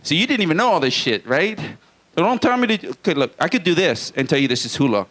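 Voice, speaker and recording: A man from Hawaii working a small comedy stage, his voice sitting fairly high and swinging up and down a lot as he tells crude jokes and trades banter with the crowd. It has a live stand-up delivery. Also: big pitch swings, fast, fairly bright tone.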